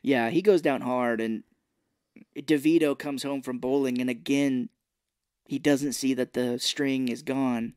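A man's voice: mid-range voice, measured pace, clear, resonant tone, dry recording, studio quality. A man co-hosting a podcast, retelling a movie plot in casual chat and acting out the characters' lines. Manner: animated retelling, acting out quotes. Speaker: podcast co-host. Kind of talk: casual film recap chat.

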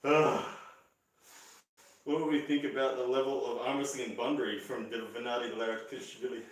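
A man leading a live-streamed arm wrestling session, chatting casually, laughing often and shouting during matches. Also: medium pitch, level tone, a little fast. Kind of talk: casual live-stream chat while training. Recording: echoey room from far off.

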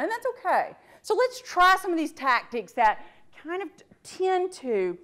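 A woman workplace trainer lecturing a class, acting out sample phrases as she goes. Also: high voice. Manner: animated, acts out sample phrases.

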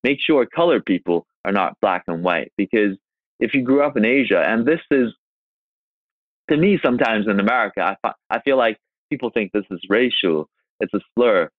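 Man from China, podcast guest, earnest and emphatic, lowish voice over a thin phone-like call. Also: dry recording. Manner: earnest, emphatic, rhetorical questions. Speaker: guest actor. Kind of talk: podcast interview. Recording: tinny phone-like remote line.

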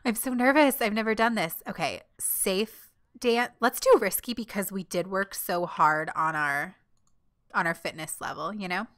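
A young woman giving casual, giggly let's-play commentary, gushing and voicing her character in quick asides. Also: medium pitch, fairly bright tone. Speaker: gameplay commentator.

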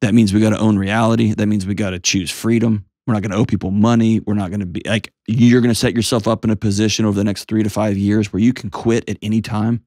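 A man's voice: fairly low pitch, flat delivery, fast talker, few pauses, darkish tone, no room sound, studio quality. A man hosting a call-in advice show, coaching a caller in a direct, earnest way. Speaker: host giving advice.

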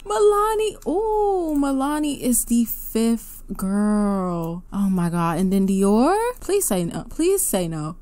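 A woman hosting her gaming channel, giving excitable casual commentary with loud gasps and outbursts. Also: medium pitch, slow pace, few pauses. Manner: excitable, gasping and laughing reactions, loud outbursts.

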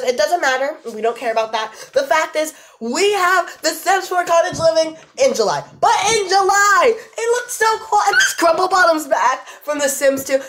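A woman reacting to a game trailer, gushing and excitable, squealing and laughing between exclamations. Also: a little high. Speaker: gaming YouTuber.

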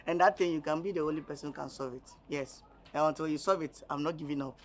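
A man's voice: a little high, steady tone, quick pace, close to an everyday voice. An actor playing a cheeky young man who keeps pestering a woman, teasing and pushy, with a Nigerian accent, laughing as he talks.

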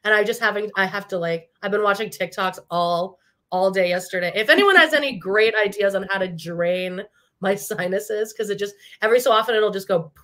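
A woman co-hosting a podcast, chatting casually and retelling scenes in a gossipy, animated way. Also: medium pitch, brisk. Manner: gossipy, animated storyteller who mimics people. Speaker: podcast co-host. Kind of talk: casual recap chat.

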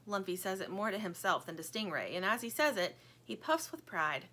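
Bright, animated woman reading a children's story. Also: mid-range voice, normal speed, hardly any pauses. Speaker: audiobook narrator.

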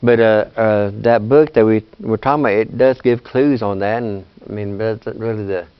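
A man's voice: lowish voice, fairly even intonation, moderate pace, clean tone. An older man teaching a casual language lesson, patient and plain-spoken, often checking in with "you see". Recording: dull lo-fi sound.

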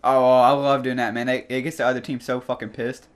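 A man's voice: medium pitch, flat delivery, a little fast. A young man laughing and hurling teasing insults at friends in party chat. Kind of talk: casual gaming chat.

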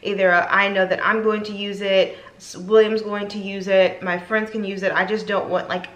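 A woman's voice: medium pitch, level tone, normal speed, a bit bright. A woman in her thirties chatting casually to camera at home as a lifestyle vlogger, rambling and talkative. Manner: chatty, rambling, gets emotional at times. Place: home, indoors. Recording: echoey room.

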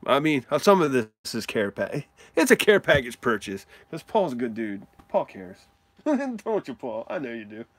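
An excitable man runs a live mail-day stream, opening cards, talking to chat, and frequently whooping and laughing. His medium-pitched voice moves at a moderate pace, with no echo.

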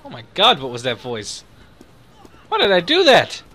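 A young man hosting his own channel, giving excitable, profanity-laden live commentary while playing a game. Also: sits high, normal speed. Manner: excitable, swears a lot, reacts loudly. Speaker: gaming channel host.

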